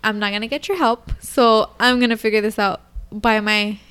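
A woman's voice: on the high side, normal speed, smooth. Chatty young woman telling a story. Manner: animated storyteller, acts out her toddler's lines. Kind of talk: casual chat.

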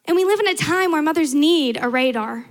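Young woman preacher, high bright voice, earnest sermon with repeated emphatic lines. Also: lively intonation, brisk.

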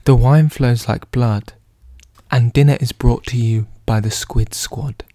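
Whispered role-play: man as a smooth, flattering shark host, unhurried and mellow. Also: medium pitch, no room sound, close to an everyday voice. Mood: ingratiating.

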